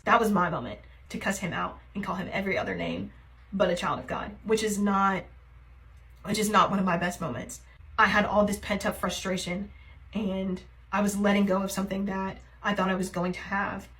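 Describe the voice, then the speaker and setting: A young woman pours out a personal story in a confessional vlog. She rambles and hesitates, leaning on fillers as she goes. Her voice sits at an ordinary middle pitch, emotionally raw and confiding. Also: a bit bright, low-quality recording. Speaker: TikTok creator. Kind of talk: confessional get-ready-with-me vlog.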